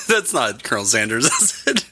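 A man chats casually, teasing his co-host and laughing often. His pitch moves a lot and his tone is very bright. The sound is dry and close. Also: huge pitch swings, a little slow, breathy edge, dry recording. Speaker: podcast co-host. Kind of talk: casual chat.

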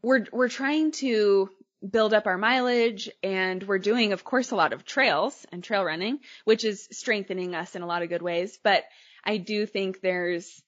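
A woman's voice: mid-range voice, a little slow. Woman podcast cohost, chatty, laughs a lot, muffled lo-fi sound. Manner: chatty, laughs often, trails off mid-sentence. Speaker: podcast co-host. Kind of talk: casual chat.

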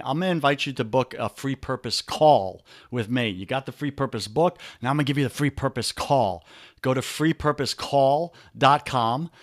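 A man with a New York accent, a coach and podcast guest, pitching his offers energetically and spelling out web addresses slowly. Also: dry recording, clean studio sound. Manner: pushy, repeats web addresses slowly, rallying.

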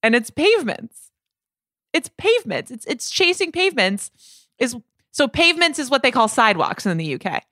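A woman's voice: high-pitched, very animated, normal speed, bright, forceful tone, no room sound, studio quality. A woman co-hosting a podcast in casual chat, joking and posing questions to her partner. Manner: chatty, joking, poses questions. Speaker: podcast co-host.

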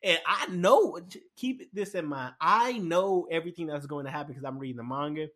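A man chatting casually and excitedly about a show, rambling with lots of fillers and restarts. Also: a little high, a little fast. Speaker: anime commentator. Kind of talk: casual chat.

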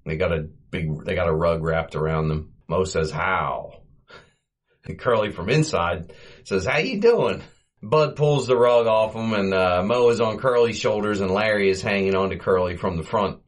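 A man hosting a podcast, casually retelling an old comedy short, chuckling often and giving quoted lines a quick comic voice. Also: sits low. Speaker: podcast host.

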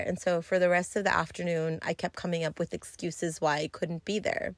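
Casual rambly woman, kinda low voice, cusses a lot, dead dry close-mic sound. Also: steady tone, normal speed, no room sound. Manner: rambling, swears freely, many fillers. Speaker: podcast host. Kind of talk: casual solo storytelling.

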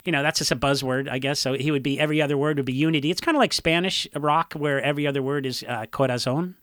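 A man's voice: on the high side, fairly even intonation, fast, a bit bright, no echo, studio quality. A man, a punk musician, chatting casually and rambling through stories with many restarts and fillers. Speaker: punk musician discussing a song. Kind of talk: casual chat.

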